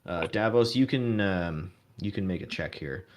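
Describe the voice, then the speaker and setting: A man narrating as game master of a tabletop game, relaxed and breaking into laughter now and then. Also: deep voice, moderate pace.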